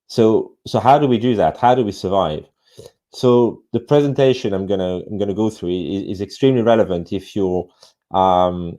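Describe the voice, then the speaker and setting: This French-accented man gives a conference presentation for a remote online ecommerce summit, his lowish voice mellow. He peppers the talk with fillers, swearing and restarts.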